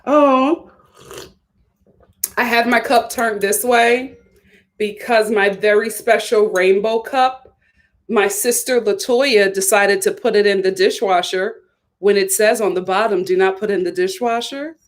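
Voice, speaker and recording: A young woman from Philadelphia hosting a live stream, reading viewer comments with sassy, animated chat and frequent laughter. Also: medium pitch, measured pace.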